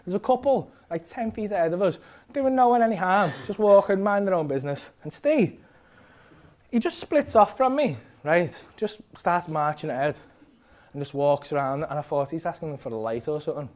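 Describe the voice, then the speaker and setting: A man's voice: high voice, expressive, normal speed, darkish tone. A man doing stand-up, retelling a night out in a rambling, sweary style and ending lines with "right?". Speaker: stand-up comedian. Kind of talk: stand-up storytelling. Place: comedy club stage. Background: audience laughter.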